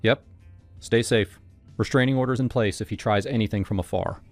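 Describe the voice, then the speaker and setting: A curt, no-nonsense woman detective delivering the news flatly, as a male narrator reads her in his own low voice. Clear music plays behind the storybook reading. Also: a little fast, natural voice.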